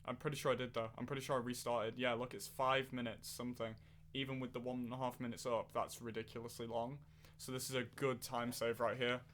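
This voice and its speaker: A man's voice: medium pitch, little pitch movement, quick pace, a bit bright, a little hiss or hum. A man streaming a racing game, chatting casually and answering his viewers as he plays. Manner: chatty, replies to chat while racing. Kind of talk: live-stream gameplay chat. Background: game music.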